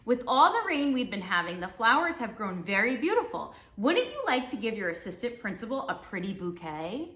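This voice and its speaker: Storybook villain: raspy, barky male wolf in disguise, sly and coaxing, lively swings, roomy echo - a woman reading it. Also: fairly high pitch, moderate pace, few pauses. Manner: smooth and coaxing.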